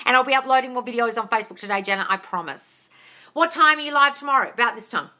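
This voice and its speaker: A woman's voice: on the high side, quick pace. Chatty woman hosting a live stream. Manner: chatty and animated, calls viewers darling, swears casually. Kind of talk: casual live-stream Q&A, reading viewer comments. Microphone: phone.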